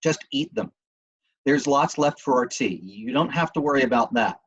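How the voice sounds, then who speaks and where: A man's voice: medium pitch, lively intonation, moderate pace, a bit bright, husky, highs cut off, voice pushed up. A man voicing a curious, sheltered young boy in a raised, eager voice, reading a novel aloud. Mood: coaxing.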